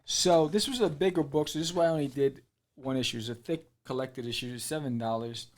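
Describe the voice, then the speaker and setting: A man hosting an indie comics podcast, telling the story in a loose, animated way. He slips into quick character voices and fills pauses with "you know" and "um". His pitch sits in an ordinary middle range. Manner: animated storyteller, acts out character lines, many fillers. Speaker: podcast host reviewing comics. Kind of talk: casual recap and review.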